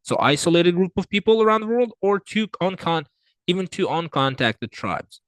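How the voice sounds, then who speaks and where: A man teaching an exam reading lesson, working through answers aloud with frequent fillers, restarts and swings in pitch and loudness. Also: lively intonation, moderate pace, no room sound. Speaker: IELTS tutor. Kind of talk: screen-recorded reading lesson.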